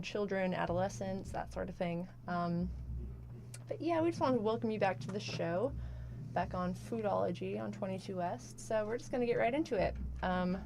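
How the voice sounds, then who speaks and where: A young adult woman co-hosting a casual radio talk show, relaxed, with many fillers. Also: mid-range voice, vocal fry, noisy background.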